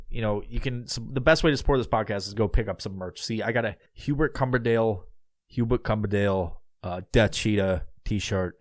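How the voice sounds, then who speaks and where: A man's voice: medium pitch, no room sound. A man in his thirties hosting his own podcast, talking casually and rambling with lots of swearing and filler words. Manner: rambling, profane, heavy fillers. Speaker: podcast host. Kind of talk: casual solo podcast outro.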